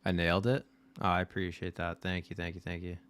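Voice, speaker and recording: A man with a somewhat low voice hosts a casual live watch-party stream from his desk mic. He talks straight to his chat, blunt and loose, with the odd swear word thrown in. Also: flat delivery, fast, fairly bright tone, clean tone.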